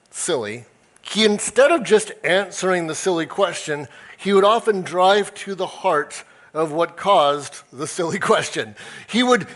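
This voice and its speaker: A man's voice: high voice, fairly bright tone. A male pastor preaching a conversational sermon, acting out quoted voices as he tells the story. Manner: self-described nerd, conversational.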